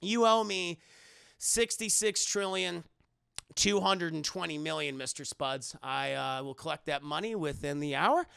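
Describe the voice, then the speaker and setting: A man putting on a cold, formal, menacing rich gambler who speaks low and slow. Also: gravelly, fairly bright tone, clean tone, no room sound, full character voice. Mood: icy.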